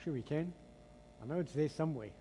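High-voiced South African pastor preaching. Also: male voice, fairly quick, a little hiss or hum. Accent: South African English. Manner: animated, dramatic storytelling delivery. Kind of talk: sermon with call-and-response. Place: church hall. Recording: long hall reverb.

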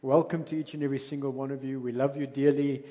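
A man's voice: mid-range voice, little pitch movement, quick pace, mellow. A South African man, a pastor, preaching a sermon in a conversational way, with emphatic bursts as he tells a story. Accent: South African English. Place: church hall. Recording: long reverb of a church hall.

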